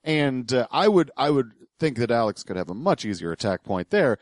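A man's voice: mid-range voice, big pitch swings, normal speed, no echo, clean studio sound. A man hosting a podcast, explaining clips in a digressive, hesitant way. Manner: digressive, hesitant, lots of uhs and restarts. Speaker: podcast host. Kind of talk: casual podcast commentary.

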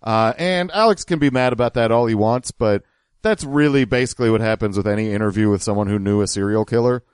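A man's voice: fairly low pitch, fast, clear, resonant tone, no echo, clean studio sound. A man hosting a podcast, wryly picking apart a clip in casual chat. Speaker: podcast host. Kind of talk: casual chat reacting to clips.

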